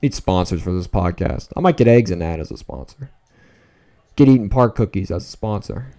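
A man podcasting alone, reacting casually to a live football game as he watches, rambling and excitable, dropping to nervous mutters and jumping to outbursts. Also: sits low, normal speed. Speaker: solo podcaster. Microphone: talking into a microphone at home late at night.

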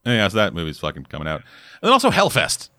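A man hosting a podcast, talking quickly and swearing freely. His voice is bright and sharp. The recording is close and dry. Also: deep voice, huge pitch swings, no room sound. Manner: profane, rambling, sarcastic. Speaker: podcast host. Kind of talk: casual podcast chat.

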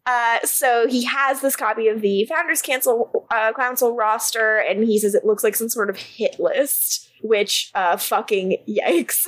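A woman's voice: on the high side, a little slow. A woman co-hosting a podcast, casually recapping a TV episode, swearing freely and laughing often. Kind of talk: casual chat.

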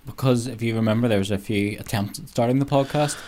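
A man co-hosting a podcast, giving quiet, short and hesitant replies in casual chat. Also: mid-range voice, fast talker. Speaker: podcast co-host.

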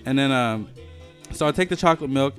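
A man's voice: mid-range voice, animated, brisk, a bit bright, faint music behind. A young man telling a rambling, profane story in casual podcast chat, full of fillers and restarts. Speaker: podcast co-host.

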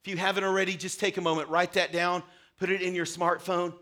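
A man's voice: high voice, level tone, fast, sharp tone. A man preaching a passionate sermon to a church congregation. He often rises into fervent, pleading prayer. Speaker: pastor. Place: church service before a congregation.

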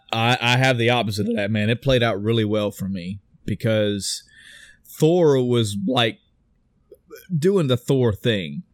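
A man chatting casually and retelling a film with lively energy, jumping into characters' voices and swearing freely. His voice sits mid-range and sounds dry and close. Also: medium pitch, no echo. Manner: animated retelling, acts out characters' lines with cursing. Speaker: podcast co-host recapping a film. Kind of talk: casual chat.

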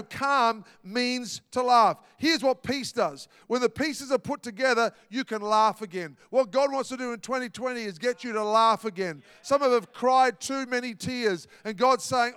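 A man preaching a sermon, animated and dramatic. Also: very high-pitched, unhurried, smooth, no echo, studio quality, big-room sound. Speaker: pastor.

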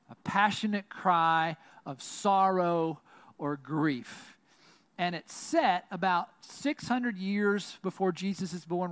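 High-voiced pastor with a Southern accent. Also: male voice, no room sound. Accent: Southern American. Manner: swings from loud and intense to quiet and hushed; says "right?" very often. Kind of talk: sermon.

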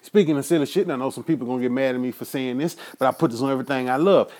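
A man, hosting a show, ranting in a loud, profane way, laughing now and then. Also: on the high side. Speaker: podcast host. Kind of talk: profane political rant.

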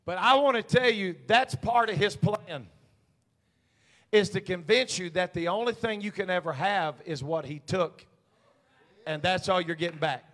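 High, bright-voiced man preaching a sermon. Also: normal speed. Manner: builds from hushed storytelling to shouted call-and-response preaching. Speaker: senior pastor. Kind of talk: Pentecostal sermon. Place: church sanctuary.

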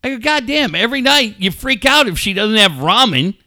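A middle-aged man hosting a podcast, telling a story in casual, profane talk that rises into shouting. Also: extremely high pitch, sing-song, a little fast, no room sound, studio quality. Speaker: podcast host.

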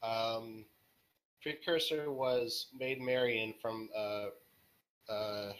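Male guest, mid pitch, hesitant, casual. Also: steady tone, very slow, a bit bright, low-quality recording. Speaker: interview guest. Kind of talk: casual podcast interview.

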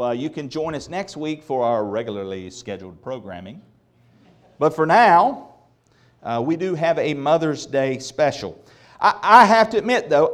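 Lively pastor joking from the pulpit. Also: male voice, medium pitch. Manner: folksy, joking, animated delivery. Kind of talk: sermon. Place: church sanctuary.

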